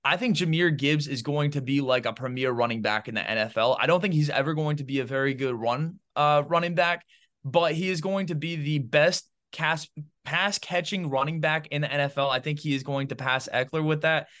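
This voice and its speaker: A man's voice: fairly high pitch, fairly quick. A man co-hosting a sports podcast, giving opinionated football takes in casual chat full of fillers. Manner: animated, opinionated, heavy on fillers like "bro" and "man". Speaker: podcast co-host.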